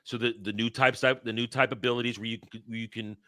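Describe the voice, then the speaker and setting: A man casually and excitedly retelling anime scenes, acting out the characters' lines as he goes. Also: medium pitch, fast talker. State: choked up. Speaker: podcast host. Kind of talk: casual anime recap chat.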